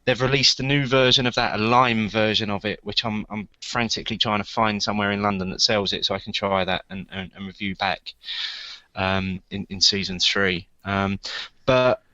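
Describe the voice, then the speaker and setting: Man, podcast co-host, casual chat, bright forceful voice, lots of ums and restarts, dull dry lo-fi sound. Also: on the low side, fairly even intonation, normal speed, no echo. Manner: hesitant, many ums and repeated words.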